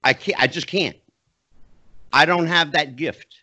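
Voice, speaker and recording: A man's voice: a little high, unhurried, no room sound. A man hosting a podcast, chatting casually and frankly, and owning up to his weaknesses. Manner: lively, talks straight up and self-deprecating. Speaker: podcast host. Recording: dry, slightly dull video call audio.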